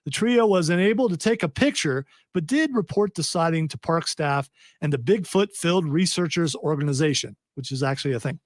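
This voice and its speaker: A man's voice: on the high side, animated, a little fast, no echo, studio quality. A man hosting a casual podcast, reading a news story aloud with wry, joking asides. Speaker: podcast host.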